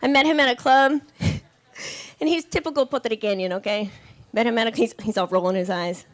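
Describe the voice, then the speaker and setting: Stand-up comic, woman, high bright voice, sassy punchy delivery on stage. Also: moderate pace. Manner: sassy, punchy delivery with impressions of relatives and men. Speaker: stand-up comedian. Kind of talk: stand-up comedy set. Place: comedy club stage with a live audience.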